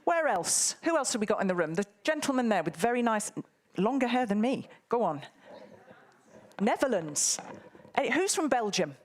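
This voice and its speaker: A woman's voice: on the high side, big pitch swings, normal speed. A woman moderating a live conference, bantering and teasing the audience in a playful way. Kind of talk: live event hosting.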